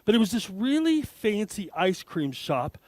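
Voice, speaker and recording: Animated man telling a funny story. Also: high voice, a little slow, no room sound. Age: 50s. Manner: animated, self-deprecating, joking. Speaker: guest speaker. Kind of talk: humorous storytelling talk to an audience.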